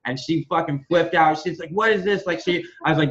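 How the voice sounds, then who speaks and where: A man's voice: fairly high pitch, quick pace, highs cut off. A man hosting a members' business call, rambling and swearing freely while telling stories and giving product updates. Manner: profane, rambling, animated storytelling. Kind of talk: casual business call, storytelling.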